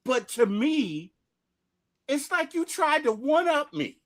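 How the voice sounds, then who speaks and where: A man's voice: very high voice, very animated, slow. A man co-hosting a casual debate about a film, talking animatedly and breaking into laughs and exclamations. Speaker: co-host.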